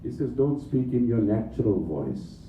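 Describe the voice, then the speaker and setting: A man from Africa, an Islamic scholar, giving an impassioned sermon with joking asides and rapid Arabic recitation in a large mosque hall. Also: medium pitch, sing-song, slight background noise. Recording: echoey hall, distant mic, dull sound.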